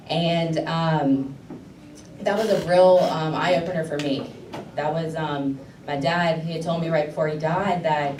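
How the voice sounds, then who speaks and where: A woman's voice: low voice, dark tone, a little hiss or hum. A woman from Louisiana, a pageant contestant, giving an earnest, heartfelt motivational speech with frequent ums. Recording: roomy hall from a distance.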